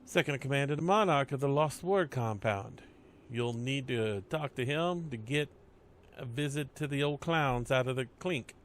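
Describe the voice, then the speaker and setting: A man's voice: mid-range voice, moderate pace, a little hiss or hum, close to an everyday voice. A man voicing a wry, streetwise male gatekeeper of a compound, with a slangy, sardonic manner.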